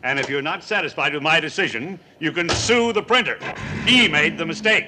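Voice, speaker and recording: A man's voice: on the high side, fairly quick, background noise, lightly acted. An actor playing a middle-aged male official giving a dry, matter-of-fact ruling in a 1950s film comedy.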